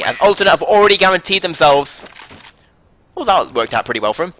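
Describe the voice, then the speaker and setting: A man casting a live video game match, calling the play quickly with jokey asides. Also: on the high side, bright, forceful tone. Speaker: esports caster.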